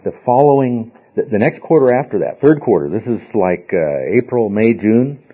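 A man's voice: on the low side, animated, moderate pace, slightly rough. A man teaching a Bible study class in an emphatic, informal way, often checking with his listeners. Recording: dull lo-fi recording.

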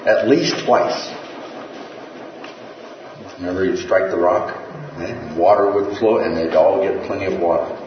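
A man's voice: sits low, moderate pace, long pauses, a little hiss or hum. A man teaching a Bible class in a conversational way, often checking in with his listeners. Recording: distant, dull echoey room.

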